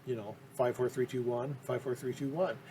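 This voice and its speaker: Everyday man of middle pitch, chatty collector, rambly and keen, lots of ums, faint background hiss. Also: steady tone, a little fast, dark tone. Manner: rambling, with many ums and restarts; enthusiastic. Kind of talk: casual interview talk.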